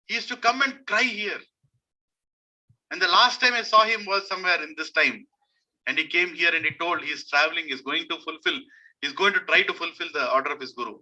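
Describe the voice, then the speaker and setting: A man's voice: sharp tone, poor audio. A man giving a devotional sermon, telling a story and asking his listeners rhetorical questions. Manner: acts out quoted voices, rising high and emotional. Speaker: speaker at a scripture study gathering.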